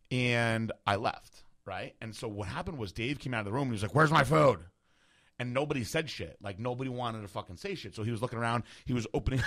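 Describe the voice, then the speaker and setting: Young guy on a podcast, talks fast, bright sharp voice, swears a lot, does the voices of people in his story. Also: on the low side. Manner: animated storyteller, swears freely, acts out quoted voices. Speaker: podcast host. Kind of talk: casual storytelling.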